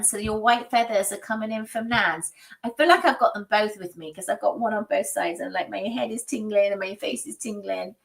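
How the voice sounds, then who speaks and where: A woman's voice: mid-range voice, normal speed, vocal fry, a bit bright, far from the mic, poor audio. A British woman streaming psychic readings, chatty and emotional, often restarting her sentences. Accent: British English.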